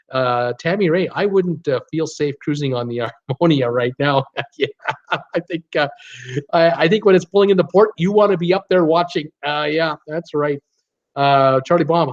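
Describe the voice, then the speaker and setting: Chatty Canadian man, lo-fi sound. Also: on the high side. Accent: slight Canadian. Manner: chatty, laughs often, many fillers and restarts. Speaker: cruise channel host reading live chat. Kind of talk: casual live-stream chat. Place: home room with computer.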